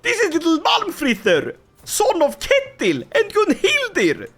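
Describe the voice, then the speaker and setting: A man giving joking, excitable commentary on a strategy game, often laughing. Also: extremely high pitch, a little slow. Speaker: gaming YouTuber. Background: faint music.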